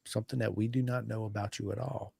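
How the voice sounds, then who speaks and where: A man's voice: on the low side, fairly even intonation, quick pace, vocal fry, warm tone, breathy edge. A man hosting a podcast, joking and easygoing in casual slangy chat. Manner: laid-back, joking, slangy. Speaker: podcast host.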